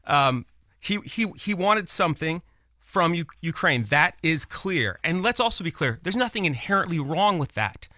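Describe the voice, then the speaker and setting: A man's voice: fairly high pitch, sing-song, moderate pace, no room sound. Emphatic new man, dull dry audio. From Brooklyn, New York. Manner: emphatic, repeats phrases when worked up. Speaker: commentator, former prosecutor. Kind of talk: political commentary talk show.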